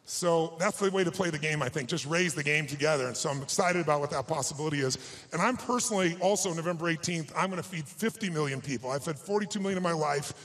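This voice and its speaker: A man's voice: fairly high pitch, fast talker, fairly bright tone. Emphatic male motivational speaker on stage. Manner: emotional storytelling, emphatic and exhorting. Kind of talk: live stage talk to an audience.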